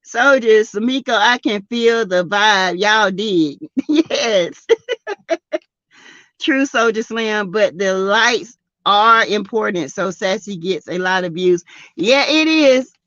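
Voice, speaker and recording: A woman's voice: lively intonation, slow pace, dry recording, highs cut off. Laughing Southern woman live-streamer. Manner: laughs often, loud high laughs, greets chatters by name. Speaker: YouTube live-stream host. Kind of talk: casual live-stream chat reading comments.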